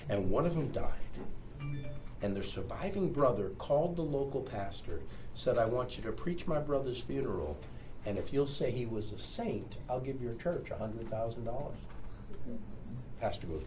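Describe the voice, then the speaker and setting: Animated man telling stories to a room. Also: medium pitch. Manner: animated storyteller, laughs often. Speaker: workshop presenter. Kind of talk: conference workshop talk with audience. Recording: distant mic in a noisy room.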